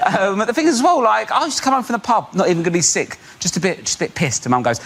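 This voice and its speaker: A man's voice: high voice, lively intonation, racing, hardly any pauses, a bit bright. A young man doing a rambling, chatty stand-up routine, full of "like" and "um". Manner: rambling, chatty, heavy use of "like" and "um". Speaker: comedian. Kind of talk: stand-up routine on a panel show.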